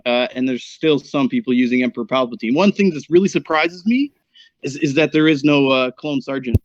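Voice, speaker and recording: A man's voice: mid-range voice, a little fast, dry recording. A man co-hosting a gaming show, hesitantly going through statistics with many fillers. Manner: hesitant, many fillers while reading stats. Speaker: co-host giving the meta report. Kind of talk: casual gaming commentary. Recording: dull, dry lo-fi mic.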